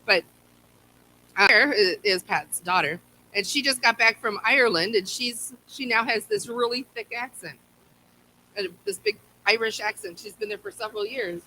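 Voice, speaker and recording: A woman's voice: mid-range voice, moderate pace, bright, forceful tone, a little hiss or hum, low-quality recording. A woman teaching a Bible lesson at a church, talking conversationally and often repeating words as she restarts.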